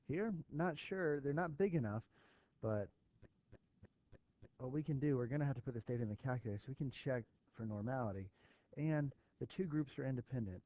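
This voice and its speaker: Mellow man teaching a stats lesson. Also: mid-range voice, highs cut off. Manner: thinking aloud with fillers, talking to students. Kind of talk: recorded math lesson walkthrough.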